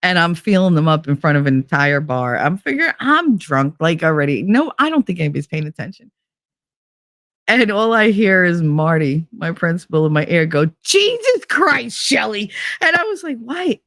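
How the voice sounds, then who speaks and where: A woman hosting a podcast, telling a bawdy story in a casual, animated, profane way and acting out what others said. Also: low voice, fairly quick, no echo, studio quality. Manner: profane, animated, acts out quoted dialogue. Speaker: podcast host.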